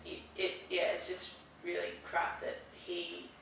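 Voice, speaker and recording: A woman's voice: on the low side, monotone, creaky, fairly bright tone, a little hiss or hum. Hesitant woman in an echoey room. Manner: hesitant, halting, many restarts. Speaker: client seeking counselling. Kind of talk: counselling session conversation. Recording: echoey room, far from mic.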